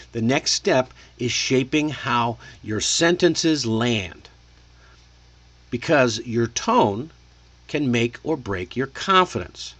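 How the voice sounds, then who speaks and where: A man teaching spoken English online, coaching in a deliberate way and showing rising and falling intonation. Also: mid-range voice, a bit bright, no echo. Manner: coaching, deliberate, checks in with "okay?".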